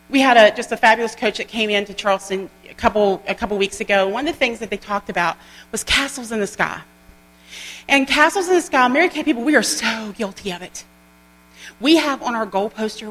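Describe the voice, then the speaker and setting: A woman giving an animated, folksy motivational training talk to a group. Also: a little high. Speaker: sales trainer. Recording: long hall reverb with mains hum.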